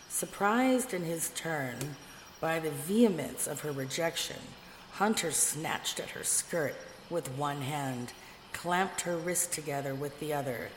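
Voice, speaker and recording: A woman reads a fairy tale aloud in a measured, expressive way. Her voice is low and her pace unhurried. The recording has a long reverb and a faint background hiss. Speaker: narrator. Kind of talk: storybook reading. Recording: echoey room with long reverb, faint noise.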